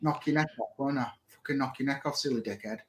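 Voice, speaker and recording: A man's voice: mid-range voice, quick pace, roomy sound, slight background noise, lightly acted. A man voicing an aggressive, swearing pub brawler from Hull, with a Hull accent. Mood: menacing. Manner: threatening, swearing, mocking.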